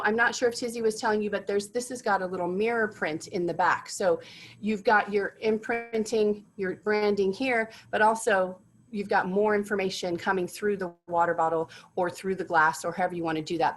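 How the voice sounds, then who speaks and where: A woman's voice: medium pitch, a little hiss or hum, rough recording. Upbeat woman showing off products. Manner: enthusiastic, gushing about products. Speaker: corporate gift sales presenter. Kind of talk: product demonstration.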